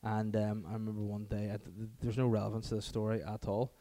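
A man's voice: on the low side, monotone, quick pace, dark tone. Young guy rambling thru a funny story, chuckling a lot, casual podcast chat. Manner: rambling anecdotal storytelling with laughter.

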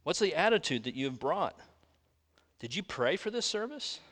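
A man's voice: a little high, very animated, normal speed, a bit bright. A man preaching a sermon as a pastor, firing rhetorical questions at his congregation. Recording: long reverb of a large room.

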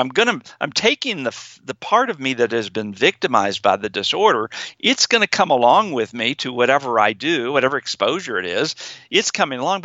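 A man's voice: medium pitch, pushed and bright, no room sound. A middle-aged male psychologist explaining therapy in an interview, acting out anxious inner voices as examples. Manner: acts out fearful inner voices. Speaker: psychologist guest. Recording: slightly dull, dry sound.

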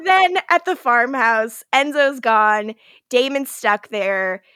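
A woman co-hosting a podcast, recapping a TV episode in animated, profane storytelling. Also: on the high side, slow pace, smooth, dry recording, clean studio sound. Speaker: podcast co-host. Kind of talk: casual recap chat.

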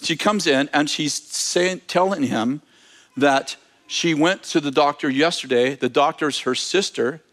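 Male preacher, somewhat high voice, animated storyteller, trips over his words. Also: unhurried. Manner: animated, with frequent restarts and fillers. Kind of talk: storytelling testimony.

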